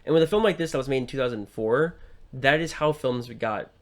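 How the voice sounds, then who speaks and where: A young man co-hosts a casual podcast and talks over a film. He rambles, fills gaps with ums and likes, and restarts his sentences. His voice sits in a middle pitch for a man. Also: fairly quick. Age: young adult. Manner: rambling with frequent fillers and restarts. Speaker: podcast co-host.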